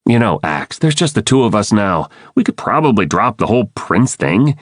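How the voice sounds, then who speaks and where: A man's voice: lowish voice, big pitch swings, moderate pace, no room sound, clean studio sound. A man voicing a tense teenage boy who leads the group with clipped orders, in an audiobook. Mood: wry. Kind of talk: audiobook character voice.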